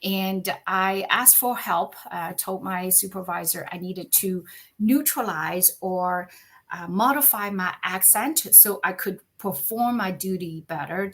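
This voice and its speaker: A middle-aged woman from China, a podcast guest and company founder, telling her story in an animated, conversational way and often checking in with "right?". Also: medium pitch. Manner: animated, frequent "right?" tag questions.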